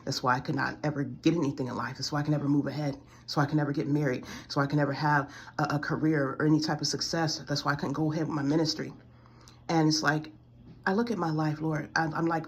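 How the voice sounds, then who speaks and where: A woman's voice: deep voice, steady tone, fast, a little hiss or hum. A woman in her forties giving a pleading, tearful spiritual testimony to camera, close to tears and repeating her complaints. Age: 40s. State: near tears.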